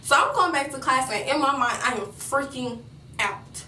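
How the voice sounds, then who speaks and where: A woman's voice: sits high, animated, moderate pace, sharp tone, echoey room, recorded from a distance, a little hiss or hum, rough recording. A young woman vlogger telling a personal story in a rambling way, with many fillers and restarts.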